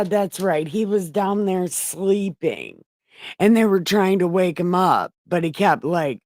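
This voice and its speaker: A woman reads the Bible aloud at an unhurried pace, her voice dry and close with no room sound. She corrects her own slips and throws in profane, offhand retellings. Between verses she rambles to viewers who may not be there. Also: fairly low pitch, darkish tone, dry recording. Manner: irreverent, swears while paraphrasing; rambling, self-correcting, talks to an empty chat. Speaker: livestream Bible reader. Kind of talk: casual live Bible reading with chatty asides.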